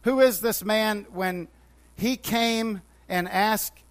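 A preacher with a high voice teaches slowly from the Bible, retelling scripture stories with quoted dialogue. He restarts his sentences often.

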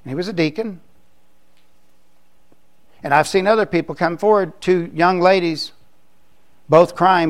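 A man's voice: high-pitched, a little slow, long pauses. An older man from Florida, preaching a sermon in a conversational way, with joking asides. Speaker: pastor.

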